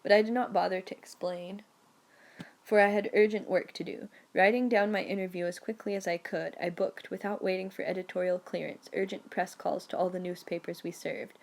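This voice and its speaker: A woman reading a memoir audiobook aloud in a lively, storytelling manner. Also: on the low side, fairly quick, creaky. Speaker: audiobook narrator. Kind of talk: scripted first-person narration.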